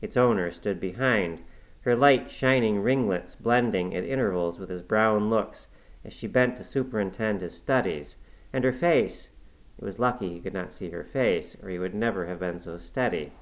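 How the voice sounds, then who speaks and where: A man's voice: on the low side, normal speed, poor audio. Man reading a classic novel aloud. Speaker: audiobook narrator. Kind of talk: first-person literary narration.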